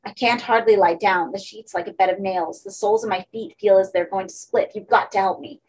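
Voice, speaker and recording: A woman's voice: medium pitch, steady tone, brisk, darkish tone, natural voice, poor audio. A woman voicing a desperate, pleading German man. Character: terrified, pleading German man wasting away.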